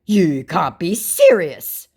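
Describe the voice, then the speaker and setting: A woman's voice: on the low side, big pitch swings, slow pace, darkish tone, breathy edge, voice pushed up, exaggerated voice. A woman voicing an indignant male online scammer who answers in a haughty, dismissive way.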